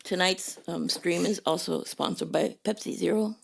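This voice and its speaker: A woman's voice: on the low side, steady tone, moderate pace, vocal fry. A woman hosting a casual livestream chat, playful and apt to break into snatches of song, talking through a mic with reverb left on. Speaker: livestream host. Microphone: desk mic with reverb effect left on.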